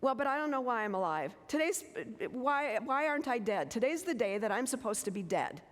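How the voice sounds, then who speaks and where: A woman's voice: on the high side, big pitch swings, voice pushed up. Woman voicing her confused old mother. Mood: distressed. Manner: agitated, quick and repetitive. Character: confused elderly mother, forgetful and upset. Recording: long reverb of a church hall.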